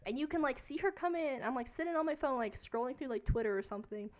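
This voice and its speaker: A woman's voice: high voice, animated, fast talker, a little mellow. A young woman streaming a game, rambling through a story in a casual rant and saying "like" in nearly every phrase.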